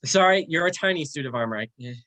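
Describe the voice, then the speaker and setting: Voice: medium pitch, expressive, fast, sharp tone. A player at a tabletop game, talking casually and speaking in character in a wordy, self-correcting way.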